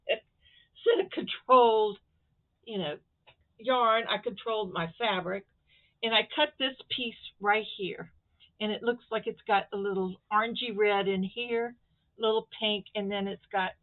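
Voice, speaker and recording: A woman from Florida talks slowly and loosely through a crafting show-and-tell, wandering from one thought to the next as she handles her fabric. The sound is thin and tinny, like a phone recording. Her pitch sits in the middle range. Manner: chatty, rambling, talks to viewers while handling fabric. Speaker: crafting vlogger. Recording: tinny phone-quality audio.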